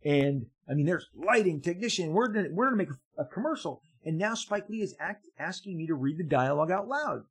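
A man with a fairly high, husky voice spins a casual story for his viewers. He talks excitably, tripping over restarts and repeated words. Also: a little fast, hardly any pauses, low-quality recording. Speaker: comic book artist telling an anecdote.

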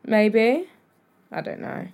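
A woman's voice: a little high, lively intonation, slow pace, a little mellow. A young woman, co-hosting a casual podcast with playful, gossipy banter. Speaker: podcast co-host. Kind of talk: casual chat.

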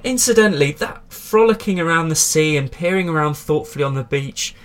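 A man's voice: on the high side, lively intonation, brisk, fairly bright tone. A man hosting a comedy podcast, reading tabloid articles aloud in a dry, mock-serious way with wry asides. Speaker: podcast host.

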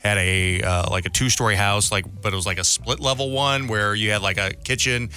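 A man co-hosting a podcast in casual chat, animated and rambling as he tells stories. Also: fairly low pitch, a little fast, clear, resonant tone. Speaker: podcast co-host.

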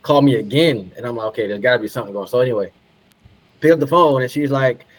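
A man, a guest on a podcast, telling stories in a relaxed way, laughing often and repeating words for emphasis. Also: mid-range voice, fast, rough recording. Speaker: podcast guest, retired pro soccer player. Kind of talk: casual storytelling.

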